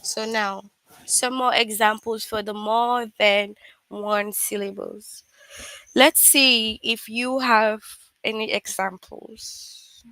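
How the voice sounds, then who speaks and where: Online class teacher, woman, unhurried and patient, dry close sound. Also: a little high, steady tone, sharp tone, dry recording. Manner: patient, repeats examples slowly.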